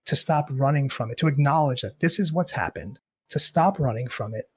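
A man's voice: mid-range voice, a little fast. A middle-aged man as a podcast guest, speaking candidly in an earnest, reflective way and repeating phrases for emphasis. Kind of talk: candid interview talk.

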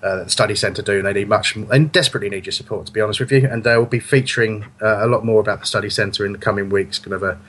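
A man's voice: lowish voice, fairly even intonation, racing, hardly any pauses, fairly bright tone, a little hiss or hum. Rambling podcast host, chatty man. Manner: rambling, self-correcting, chuckling. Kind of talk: casual football fan podcast chat.

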